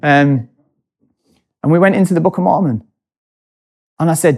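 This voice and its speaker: Animated man telling a story. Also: on the high side, normal speed, creaky, pauses often, slightly rough. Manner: animated, laughs often, speeds up in bursts. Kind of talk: casual storytelling chat.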